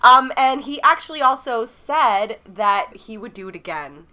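A woman's voice: fairly high pitch, lively intonation, measured pace, bright, forceful tone. A young woman co-hosting a casual chat, gushing and swearing, with "like" in nearly every sentence. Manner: gushing, swears a lot, says "like" constantly. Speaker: podcast co-host.

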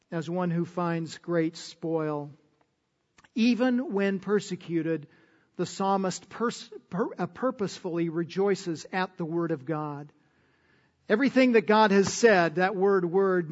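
A man delivering a sermon at a slow, deliberate pace, his high voice rising to loud emphatic peaks and sinking to soft, low endings. The recording is dull and lo-fi, with long reverb from a large hall. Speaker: preacher.

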